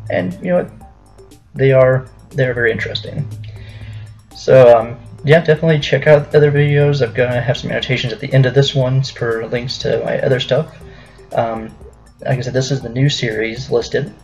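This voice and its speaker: Young American male vlogger, halting delivery, gravelly edge, dull lo-fi recording. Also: mid-range voice, steady tone, a little mellow. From United States. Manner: hesitant, many ums and restarts. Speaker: YouTuber host. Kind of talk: casual vlog commentary. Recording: dull lo-fi with faint music.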